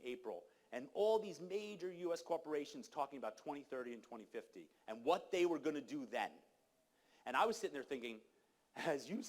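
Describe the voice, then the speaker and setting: A man giving an impassioned conference talk, urging the audience and telling stories with direct questions to the listeners. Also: medium pitch. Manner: urgent, exhorting, storytelling with direct questions to the audience. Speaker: conference speaker. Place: conference hall.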